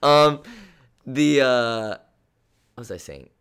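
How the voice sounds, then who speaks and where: A man's voice: mid-range voice, animated, slow, fairly bright tone, clean tone. A man co-hosting a podcast, talking casually and defensively while giggling at the teasing. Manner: giggly, defensive, breaks into laughter. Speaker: podcast co-host.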